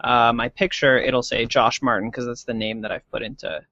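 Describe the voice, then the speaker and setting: A man appearing as a guest on a casual tech podcast, explaining things calmly. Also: mid-range voice, moderate pace, no echo. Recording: dull lo-fi dry sound.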